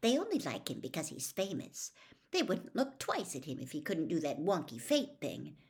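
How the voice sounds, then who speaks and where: A woman's voice: sits low, huge pitch swings, moderate pace, a little mellow, heavily acted. A woman voicing an impatient, bossy teenage schoolgirl in an audiobook reading. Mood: scornful. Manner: impatient, snappish.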